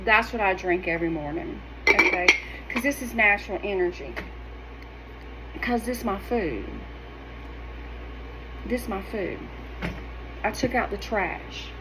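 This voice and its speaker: A woman's voice: mid-range voice, unhurried, long pauses, very noisy. Sassy middle-aged woman vlogging. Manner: sassy, animated, emphatic. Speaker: wellness vlogger. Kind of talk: casual direct-to-camera talk.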